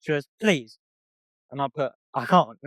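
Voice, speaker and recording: In an unhurried, mid-range voice with a fairly bright tone, a young co-host makes casual podcast chat, recorded dry. He reads text messages aloud to tell his story and curses frequently.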